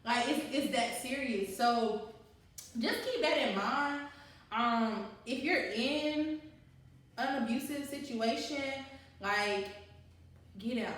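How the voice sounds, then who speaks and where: Young woman telling her story, laughing, talks right at the listeners, kinda high voice, lots of room echo. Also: slow pace, long pauses, far from the mic. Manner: animated, laughing, speaks directly to listeners. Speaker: co-host. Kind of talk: candid personal storytelling. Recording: very echoey room, away from mic.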